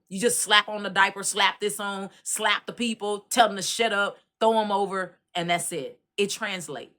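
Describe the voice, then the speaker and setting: A middle-aged woman from Dallas with a Texan accent, giving a casual commentary and telling animated stories straight to her listeners. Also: mid-range voice. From Dallas, Texas. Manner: animated storytelling, addresses listeners directly. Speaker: commentary host.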